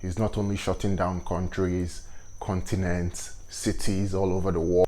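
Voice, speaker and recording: A man with a Nigerian accent, whose first language is Igbo, hosting a vlog and giving commentary on current events in a measured, deliberate and earnest way. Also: deep voice, flat delivery, warm tone. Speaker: host.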